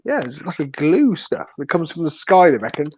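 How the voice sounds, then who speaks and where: A man co-hosting a casual chat, reacting quickly and laughing often. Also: fairly high pitch, sing-song, darkish tone, slightly rough. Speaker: co-host. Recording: dull, muffled sound.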